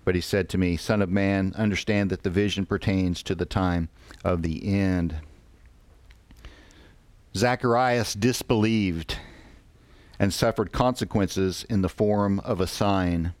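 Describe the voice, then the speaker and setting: A man preaching a sermon, reading scripture slowly and deliberately with pauses. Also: low voice, fairly even intonation, no room sound.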